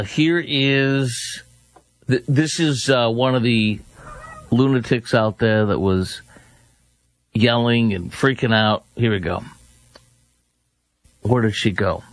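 A man's voice: on the low side, dry recording. Male commentary host, sarcastic, scornful, dry close mic. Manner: scornful, sarcastic, talks over clips. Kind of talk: opinionated news commentary.

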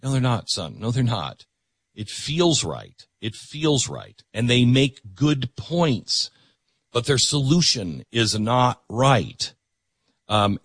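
A man's voice: mid-range voice, fairly bright tone, breathy edge, no room sound. A middle-aged man hosting a talk show, delivering an opinionated political monologue and repeating words for emphasis.

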